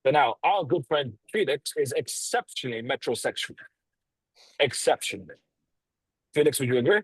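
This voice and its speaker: Guy coaching sales over a video call, swears a lot, husky voice, really dry sound, lots of pauses and punchy emphasis. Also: medium pitch, dry recording, low-quality recording. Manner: blunt, swears freely, lively tonality with pauses and emphasis.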